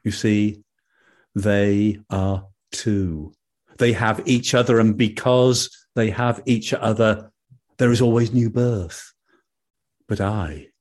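A man doing a slow mournful moon. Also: low-pitched, a little mellow. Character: sorrowful lonely male moon, slow and soft.

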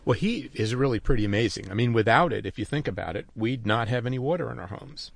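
Gravelly older man telling a story. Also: medium pitch, lively intonation, quick pace, dry recording. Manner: wry, dry humor. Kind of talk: personal storytelling.

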